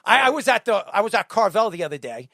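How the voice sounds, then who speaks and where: A man hosting a casual podcast interview, rambling and animated, repeating himself and mimicking accents. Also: high voice, fast talker, creaky, no room sound, clean studio sound. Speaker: show host.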